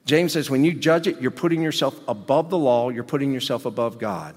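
A man preaching a sermon as pastor, animated, swinging between loud emphasis and quiet asides. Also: medium pitch, a little fast. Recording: long hall reverb.

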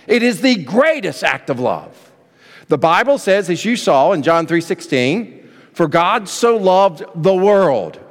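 High-voiced pastor preaching in a hall. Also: male voice. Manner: animated preaching, leads the congregation in reading. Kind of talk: sermon. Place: church sanctuary. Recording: long reverb of a church hall.

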